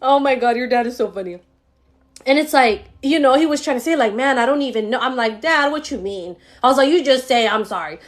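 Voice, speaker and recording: A woman with a slightly high voice gives a psychic reading on a live stream, talking into her phone. She speaks in a casual, slangy way, swears freely and addresses the viewer directly. She is open about her feelings as she reads. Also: quick pace. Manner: emotional, laughs often while reading. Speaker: psychic medium.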